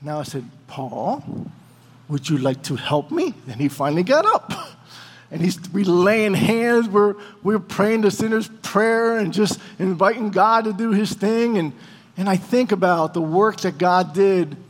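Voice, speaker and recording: A man preaching a sermon as a lively story, acting out the people in it. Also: high voice, unhurried, long reverb tail. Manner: animated storyteller, acting out dialogue.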